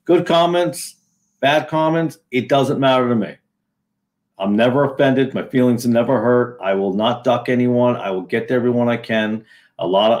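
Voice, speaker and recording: This New England man has a mid-range, darkish voice and hosts a casual solo video. He rambles sarcastically, with plenty of fillers and restarts.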